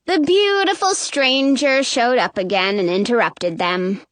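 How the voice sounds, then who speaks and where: A woman's voice: fairly high pitch, unhurried, fairly bright tone, no room sound. A woman reading aloud, voicing a haughty young stepsister who sounds dismissive. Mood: snooty.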